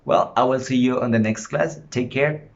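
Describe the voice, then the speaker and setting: A man teaching an online lesson, drawing out his prompts slowly for the class. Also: medium pitch, lively intonation, vocal fry. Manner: slow, drawn-out classroom prompting. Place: home. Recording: dull lo-fi home recording, faint room noise.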